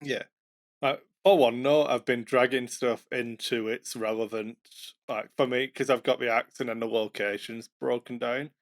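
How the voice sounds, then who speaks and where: A man's voice: medium pitch, steady tone, moderate pace. A man co-hosting a podcast, chatting casually about running tabletop games, self-mocking, with fillers and false starts. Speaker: podcast co-host, game master.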